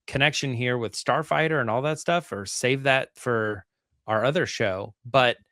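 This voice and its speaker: A man's voice: mid-range voice, moderate pace, fairly bright tone, no room sound, clean studio sound. A man co-hosting a casual podcast, talking in an easygoing, hesitant way with many fillers. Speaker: podcast co-host.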